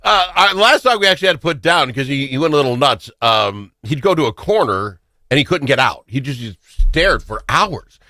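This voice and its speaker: A man hosting a talk show, telling stories in a casual, excitable way. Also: medium pitch, fairly quick, hardly any pauses, no echo, studio quality. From Minnesota. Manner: animated, excitable storyteller. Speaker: radio talk show host. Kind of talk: casual storytelling chat.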